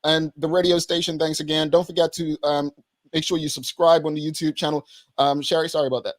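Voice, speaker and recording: A man's voice: on the high side, flat delivery, brisk, no echo. A man from Bermuda hosting a talk show, conversational and thinking aloud, often repeating himself.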